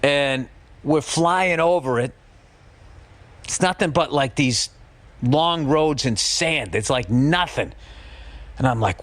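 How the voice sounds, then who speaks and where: A man's voice: fairly high pitch, a little slow, pauses often, no echo. A man, a comedian, telling a rambling, profane story on a podcast with lots of fillers. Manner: animated, swears a lot, rambles with fillers.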